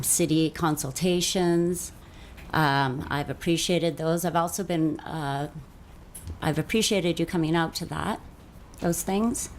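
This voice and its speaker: A woman city councillor giving an earnest speech at a council meeting, halting often with fillers. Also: sits low, a little hiss or hum.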